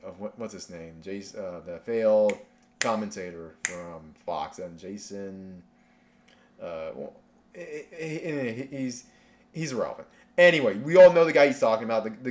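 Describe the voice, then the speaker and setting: A man hosting a casual reaction rant, sarcastic and rambling, with lots of restarts. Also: medium pitch. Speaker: commentary channel host.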